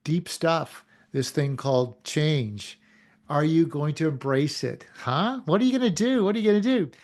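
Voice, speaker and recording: A man giving an animated motivational talk as a show host, firing questions at his audience and acting out little quotes. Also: on the high side, moderate pace.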